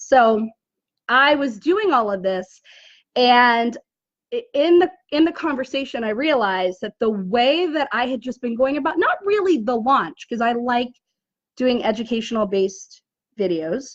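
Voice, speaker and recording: Woman, 40s, business coach, high-pitched and chatty, dry dull recording. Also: measured pace, no echo. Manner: chatty, animated, says "right?" often. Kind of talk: casual live video talk. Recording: dull, muffled dry audio.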